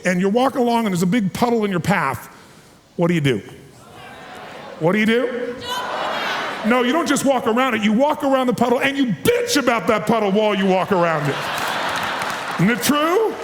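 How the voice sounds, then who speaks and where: A man in his forties giving an energetic, emphatic seminar talk to a live audience, calling for responses. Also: high-pitched, noisy background. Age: 40s. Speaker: motivational speaker. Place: large hall with a live audience. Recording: long hall reverb.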